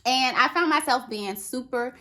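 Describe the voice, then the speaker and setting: A woman talking casually to camera as a vlogger, chatty and animated, peppering her talk with "okay" and "right". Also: high voice, moderate pace. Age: adult with a daughter.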